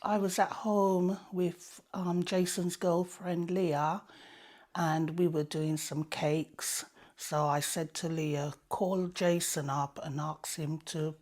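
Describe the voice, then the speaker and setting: A woman with a fairly low voice tells what happened in an interview. She speaks plainly, in a simple storytelling way, often quoting her own words. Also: flat delivery, takes it slowly, darkish tone. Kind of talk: personal testimony interview.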